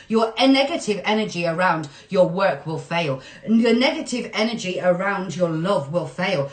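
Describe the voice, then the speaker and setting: An excitable woman doing a spiritual tarot reading, speaking straight to her viewers at a middle pitch. Her voice has a roomy echo around it. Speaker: tarot reader. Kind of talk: enthusiastic tarot reading to camera.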